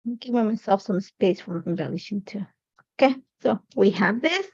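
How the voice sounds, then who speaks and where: A woman's voice: mid-range voice, lively intonation, normal speed, breathy edge, dull audio. A woman in her forties hosting a live scrapbooking demonstration, chatty and rambling, filling her talk with "like, you know.". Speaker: craft livestream host.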